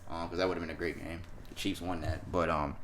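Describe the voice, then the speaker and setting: A man co-hosting a podcast, talking in loose, profane banter and laughing as he goes. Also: brisk. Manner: animated, laughing, profane banter with sudden jumps in pitch and volume. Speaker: podcast co-host. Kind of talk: casual chat.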